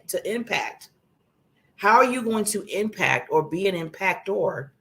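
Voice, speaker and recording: A woman giving earnest, emphatic motivational advice on a talk show in a broadcast studio, often repeating phrases for emphasis. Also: on the low side. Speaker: guest speaker giving advice.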